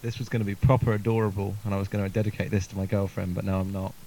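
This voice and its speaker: A young man, a singer-songwriter guest, chatting quickly and self-deprecatingly between songs with a laugh. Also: on the low side, little pitch movement, dark tone, a little hiss or hum. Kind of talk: casual chat between songs. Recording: guitar music in background.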